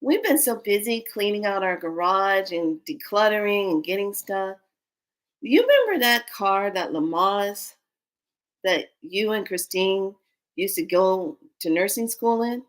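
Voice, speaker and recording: A generous, easygoing man on a phone call, chatting warmly with an old friend, as a woman quotes him. He talks in an upbeat, friendly way. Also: high-pitched, lively intonation, unhurried.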